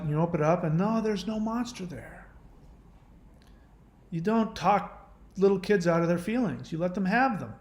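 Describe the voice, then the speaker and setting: Gentle man with a higher voice. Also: expressive, moderate pace, long pauses, roomy sound. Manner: gentle, reassuring, speaks directly to the viewer. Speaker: channel host answering viewer questions. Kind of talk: casual advice talk.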